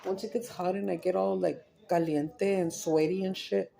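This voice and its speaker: A woman's voice: on the low side, fairly even intonation, normal speed, gravelly, warm tone. A middle-aged woman chatting casually on camera at home during a meal, rambling from topic to topic, swearing offhandedly and slipping into Spanish. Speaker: mukbang vlogger. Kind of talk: casual chat while eating on camera. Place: at home, indoors.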